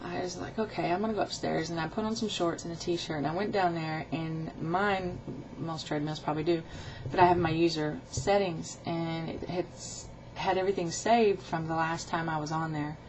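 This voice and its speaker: A woman's voice: deep voice, fairly even intonation, normal speed, hardly any pauses, noisy background. A middle-aged woman recording a casual video diary about her weight loss, rambling and chatty as she tells a story with quoted dialogue.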